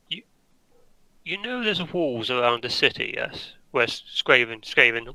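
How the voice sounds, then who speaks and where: Gravelly guy w/ a sharp, sarcastic tone, pitch jumping around a lot. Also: no room sound, low-quality recording. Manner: sardonic, questioning. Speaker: player. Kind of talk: in-character tabletop role-play.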